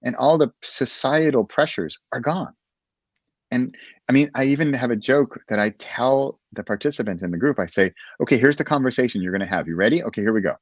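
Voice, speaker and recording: A man's voice: mid-range voice, a little fast, dry recording, highs cut off. A man who is a guest on a podcast, talking casually and animatedly about writing, often laughing and acting out little conversations.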